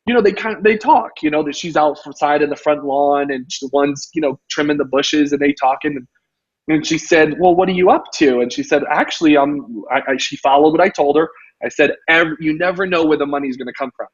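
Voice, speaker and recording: A man hosting a casual interview as a real estate coach, telling stories with lots of "you know" and an animated delivery. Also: on the high side, brisk, breathy edge. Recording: dull lo-fi audio.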